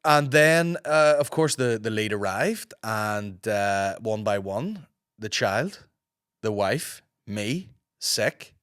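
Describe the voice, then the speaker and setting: A Northern Irish man in his thirties, a podcast host with a hoarse, gruff voice, telling rambling stories in casual chat, swearing freely. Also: on the low side, animated, slow, a bit bright, no echo, clean studio sound. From Northern Ireland. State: hoarse from a sore throat.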